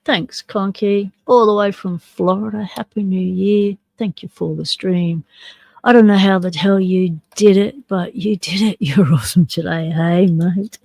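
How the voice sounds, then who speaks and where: An Australian woman hosts a live stream and talks easily with her chat, joking as she works a lock. Her voice has a gravelly, husky grain with a dark, mellow tone. The sound is dry and close, with no room around it. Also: medium pitch, steady tone, a little slow, dry recording, rough recording. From South Australia. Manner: chatty, jokey, talks to chat while picking locks.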